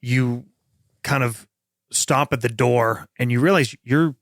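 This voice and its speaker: A man narrating a tabletop horror game as game master, steady and descriptive with frequent fillers. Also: mid-range voice, slow, no room sound, clean studio sound.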